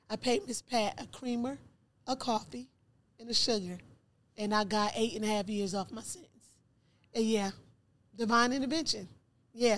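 A woman's voice: a little high, fairly bright tone. A woman guest on a podcast, telling her life story in conversation and acting out dialogue from her memories. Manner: repeats words for emphasis.

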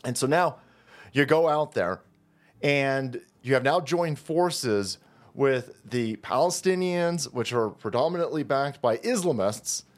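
A man's voice: mid-range voice, lively intonation, slow pace. A man hosting his own channel, delivering a foul-mouthed, mocking political rant. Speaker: commentary channel host.

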